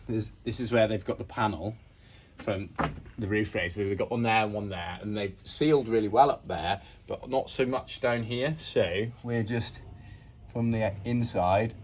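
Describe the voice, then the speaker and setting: A man's voice: on the low side, slight background noise. A man casually walking through the build of his converted bus, plain-spoken and self-deprecating, rambling along. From United Kingdom. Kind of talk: casual narrated build vlog. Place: inside a bus being converted.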